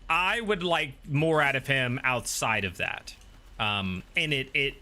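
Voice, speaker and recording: A man's voice: mid-range voice, pushed and bright. A man hosting a stream, chatting casually and rambling with many restarts while reading chat aloud. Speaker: streamer and host.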